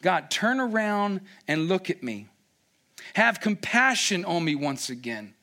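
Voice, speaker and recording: A man's voice: high voice, big pitch swings, measured pace, bright, forceful tone, pitched above the performer's own voice, heavily acted. Man doing an old prophet, pleading prayer, earnest, imploring, sermon.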